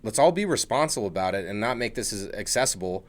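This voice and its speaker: Earnest low-voiced podcast host. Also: male voice, animated, quick pace. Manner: earnest, repeats words as he starts sentences. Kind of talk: casual podcast chat. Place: podcast studio at a table.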